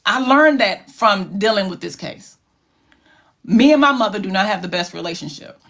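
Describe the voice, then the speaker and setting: A woman's voice: medium pitch, animated, normal speed, vocal fry, fairly bright tone. A woman hosting a livestream, talking to her viewers in a casual, emotional, heartfelt way. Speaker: livestream host.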